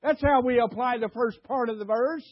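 A man's voice: very high-pitched, normal speed, dry recording, dull audio. An older man preaching a sermon, emphatic, stammering and repeating himself as he questions the congregation. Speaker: pastor.

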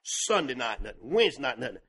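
An older male pastor preaching with passion, swinging between shouted and hushed delivery. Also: medium pitch, sing-song, fast, breathy edge. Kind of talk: sermon.

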